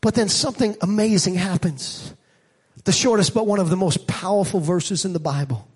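A man preaching a sermon as a church pastor, moving from quiet reflection to shouted, rising passages. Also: high voice, normal speed, husky.

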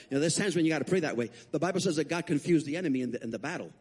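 Guest preacher, man, slightly husky and on the high side, lively storyteller. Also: fast, few pauses. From Puerto Rico. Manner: animated, acts out quotes with big pitch jumps. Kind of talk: storytelling sermon. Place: church sanctuary.

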